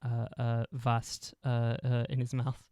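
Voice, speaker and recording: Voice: mid-range voice, monotone, takes it slowly, mellow, no echo, clean studio sound. A game master narrating a tabletop role-playing game, rambling with many fillers and laughs.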